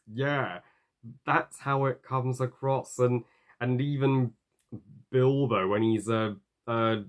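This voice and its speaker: A man giving a ranting film review, halting, with many fillers and curses. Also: medium pitch, steady tone. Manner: halting, full of fillers and profanity.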